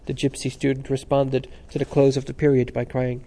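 A male audiobook narrator reads a novel aloud in a steady, measured way. It's scripted narration delivered in a mid-range voice.

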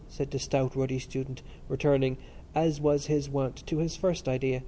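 Audiobook narrator, man, mellow and measured. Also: mid-range voice. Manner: steady, measured reading. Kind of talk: scripted narration.

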